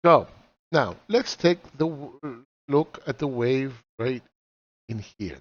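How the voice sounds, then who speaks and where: A man in his forties teaches chart reading in a relaxed walkthrough, slow and animated in a mid-range voice. Bluntly and profanely, he fires rhetorical questions, captured on a slightly dull lo-fi recording.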